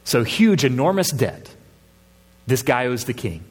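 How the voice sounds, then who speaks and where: A man's voice: medium pitch, very animated, measured pace, slightly rough, in a large hall. A man preaching a sermon as a pastor, reasoning earnestly with his congregation and pressing his points with rising emphasis.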